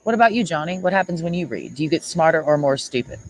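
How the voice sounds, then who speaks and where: A woman's voice: low-pitched, expressive, fast, rough recording. A woman streamer ranting at someone in a sarcastic, mocking and confrontational way. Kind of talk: livestream rant.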